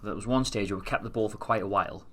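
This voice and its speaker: Young guy talking quick, bright voice, drily quizzing his mate about the match. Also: fairly low pitch, husky. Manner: questioning, dry, steers the discussion. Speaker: football fan pundit. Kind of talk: casual chat.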